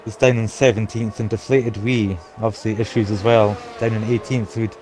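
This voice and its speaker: A man's voice: lowish voice, flat delivery, moderate pace, a little mellow, soft background music. A man commentating a live sim race, calling positions and reading chat aloud. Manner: play-by-play calls, reads out chat.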